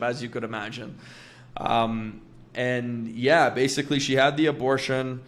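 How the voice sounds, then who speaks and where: A young man in his twenties telling a painful personal story, blunt and candid, swearing often and filling pauses with "like". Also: medium pitch, a bit bright.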